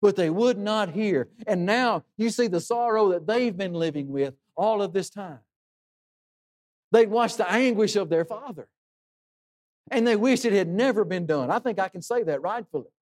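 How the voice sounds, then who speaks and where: A man's voice: high-pitched, expressive, normal speed, a little mellow. A man preaching a sermon in an earnest way, asking rhetorical questions and dropping his voice for emphasis.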